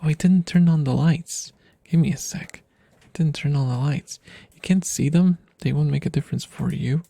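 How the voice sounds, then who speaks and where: Gravelly, breathy man in soft ASMR chat. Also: on the high side, normal speed, no echo. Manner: rambling, self-deprecating, drifting in and out of whispers. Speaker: ASMR streamer.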